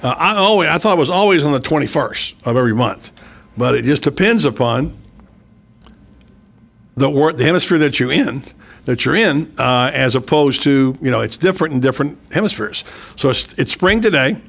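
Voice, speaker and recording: A man hosting a local radio talk show in a studio, chatting casually in a rambling way with frequent restarts and excitable asides. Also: mid-range voice, moderate pace, creaky. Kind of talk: casual on-air chat.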